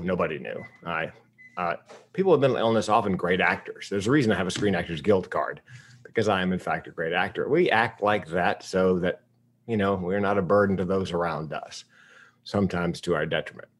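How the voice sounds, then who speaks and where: A man in his fifties from the United States, telling a personal story in a public talk with comic timing and deadpan asides. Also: deep voice, fairly quick. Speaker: speaker.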